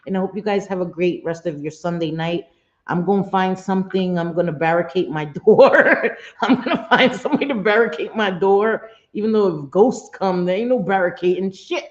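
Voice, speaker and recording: A woman's voice: mid-range voice, normal speed, dull audio. Chatty woman hosting a live stream. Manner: laughs often, swears casually, mixes in Spanish phrases. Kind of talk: casual live-stream chat.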